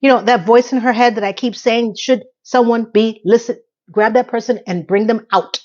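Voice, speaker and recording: A woman's voice: fairly even intonation, moderate pace, a little mellow, highs cut off. A woman chatting casually through a TV episode recap, acting out the characters' quotes as she goes. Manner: chatty, acts out quotes with shifting pitch. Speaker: recap host.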